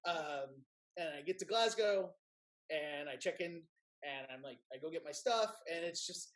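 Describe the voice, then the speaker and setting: A high-voiced filmmaker from Kentucky, USA, speaks with a Kentucky accent as a guest in a casual interview. He tells a story in a lively, animated way, acting out what other people said in raised voices.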